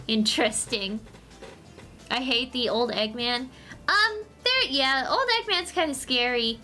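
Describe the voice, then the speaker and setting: A woman's voice: high-pitched, lively intonation, slow pace, long pauses, bright, forceful tone, faint music behind. A woman streamer reading comics aloud on a casual livestream, tossing in joking asides and giggles.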